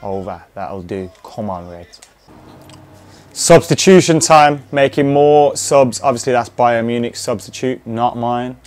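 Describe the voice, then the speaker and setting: A young man with a mid-range, slightly mellow voice speaks in an unhurried way. He's casually commentating live on a video game he's playing, alternating cheers and curses at the action.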